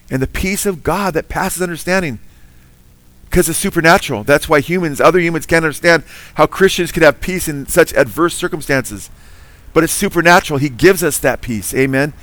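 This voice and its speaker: A man's voice: fairly high pitch, dry recording. A man preaching a sermon, earnest and emphatic, quizzing his listeners with Bible trivia.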